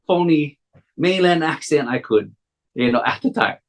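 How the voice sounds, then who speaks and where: A man's voice: medium pitch, animated, normal speed, low-quality recording. A man in his forties with a Hawaiian accent, telling a personal story in casual, rambling talk full of "you know" fillers.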